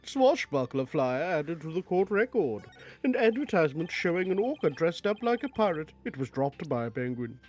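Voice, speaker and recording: A man's voice: a little high, big pitch swings, moderate pace, a little mellow, faint music behind. A man reading narration and game text aloud on a live stream, dry and matter-of-fact. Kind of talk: casual live-stream voice acting.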